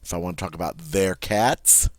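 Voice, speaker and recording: In a classroom grammar lesson, a deep-voiced man patiently teaches French, often repeating words slowly and asking "all right?" to check in. There's no echo on the recording.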